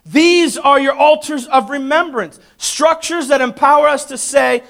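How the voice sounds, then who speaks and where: A man preaching a sermon as pastor, calling out to the congregation and swinging between loud emphatic peaks and hushed asides. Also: extremely high pitch, measured pace, gravelly, hardly any pauses. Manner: preaches with call-and-response to the congregation. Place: church.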